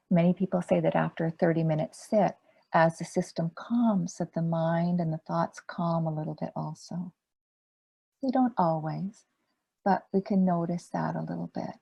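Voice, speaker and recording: A woman meditation teacher giving a dharma talk in a gentle, unhurried way, asking rhetorical questions. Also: fairly low pitch, gravelly, husky.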